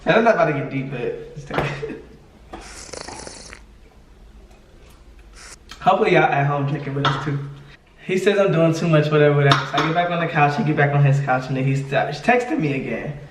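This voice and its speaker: A man with a voice on the high side talks a little fast but pauses often as he tells a podcast story, acting out others' lines and laughing plenty. Background noise is present, and the echoey room is picked up from a distance.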